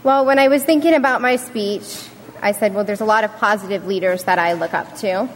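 A woman's voice: medium pitch, a little fast, slight background noise. Earnest young woman speaking in a hall. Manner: earnest, storytelling with acted quotes. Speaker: student speaker. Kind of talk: prepared speech to an audience. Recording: reverberant hall.

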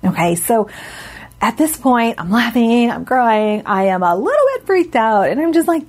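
A woman speaking to a congregation, telling a story in a lively way and acting out her own reactions with sudden high jumps in her voice. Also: moderate pace. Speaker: speaker at a religious gathering.

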